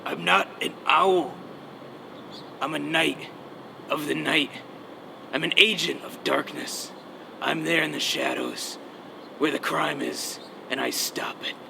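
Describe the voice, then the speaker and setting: A man playing a brooding costumed vigilante in a comedy sketch, with a growled, gravelly voice and a grim, self-serious delivery, recorded outdoors at night. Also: on the high side, steady tone, takes it slowly, long pauses, noisy background, heavily acted.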